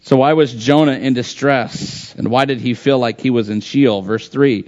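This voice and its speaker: A man's voice: mid-range voice, normal speed, few pauses, darkish tone. A man preaching an expository sermon, repeating phrases and asking and answering his own rhetorical questions. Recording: dull lo-fi recording.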